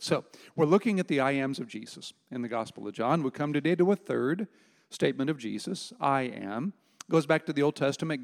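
An older man preaching a sermon as pastor, emphatic and slowing down to stress key words. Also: medium pitch, creaky. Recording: long hall reverb.

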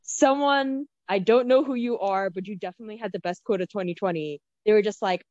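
A woman's voice: mid-range voice, a little fast, few pauses, darkish tone, no room sound, lo-fi sound. A woman co-hosting a podcast, chatting casually in a blunt, opinionated way. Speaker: podcast co-host. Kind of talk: casual chat.

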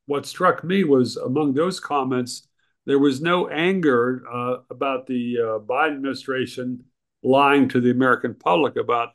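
A man, a writer and regular co-host, talking politics casually with frequent ums and uhs. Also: medium pitch. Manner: hesitant, many ums and uhs, critical.

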